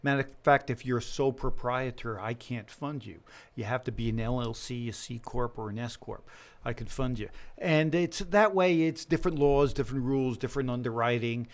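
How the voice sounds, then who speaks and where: A man's voice: mid-range voice, brisk. A middle-aged man, a business lender, talking casually in an interview and acting out the dialogue in his stories. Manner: animated storyteller acting out dialogue.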